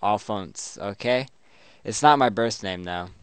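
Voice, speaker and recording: A man's voice: lowish voice, measured pace, fairly bright tone, clean tone, no echo. A man hosting a let's play, trading crude, profane jokes with a chatbot at his home computer and laughing often at his own insults. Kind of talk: crude joking commentary while typing to a chatbot.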